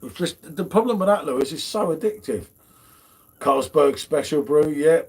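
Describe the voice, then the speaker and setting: With a fairly high, lively voice that's a little mellow and breathy at the edges, this middle-aged beer host speaks at normal speed. His casual livestream chat is matey banter, peppered with "mate."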